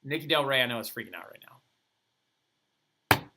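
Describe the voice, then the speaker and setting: A male history teacher giving an animated, casual lecture full of playful asides. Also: medium pitch, moderate pace, creaky, very noisy.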